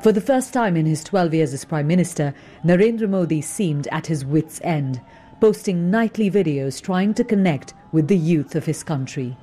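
A woman correspondent narrating a scripted news report in a serious, steady way. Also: low-pitched, moderate pace, slightly rough, soft background music.

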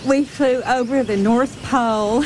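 An actress playing a chatty, boastful mother on holiday in a TV drama, clip with loud background noise. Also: a little high, fairly even intonation, measured pace, close to an everyday voice. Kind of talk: TV drama dialogue.

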